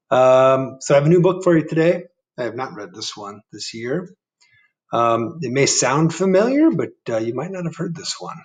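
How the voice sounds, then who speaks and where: A male first grade teacher reading a storybook to his class over video, gentle and chatty, his pitch swinging widely as he asks the kids questions. He sits a little way from the mic in an indoor room. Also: big pitch swings, moderate pace, far from the mic. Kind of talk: reading a picture book aloud to children.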